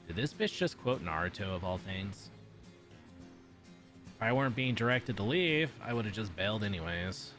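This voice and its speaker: A man's voice: fairly low pitch, expressive, moderate pace, pauses often, fairly bright tone, faint music behind. A man streaming himself reading a visual novel aloud in a casual way, with swearing and offhand asides.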